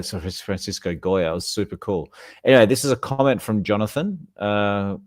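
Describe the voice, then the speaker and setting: Low-voiced man reading chat comments. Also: no room sound, clean studio sound. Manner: chatty, reads viewer comments aloud, laughs often. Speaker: podcast co-host reading live comments. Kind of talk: casual live-stream chat.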